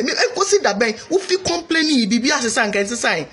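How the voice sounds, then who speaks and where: A woman's voice: a little high, sing-song, fast, few pauses, faint music behind. A Ghanaian woman giving a scolding, preachy monologue on marriage, repeating phrases for emphasis. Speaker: vlogger giving marriage advice. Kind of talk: opinionated monologue.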